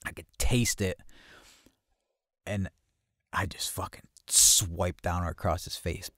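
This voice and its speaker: A man telling a rough story in a blunt, streetwise way, swearing heavily and acting out the voices of the people in it. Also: sits low, slow pace, dry recording, studio quality. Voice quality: heavy swearing, acts out quoted voices loudly. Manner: blunt, streetwise, animated retelling. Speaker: podcast host telling a personal story. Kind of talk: casual storytelling monologue.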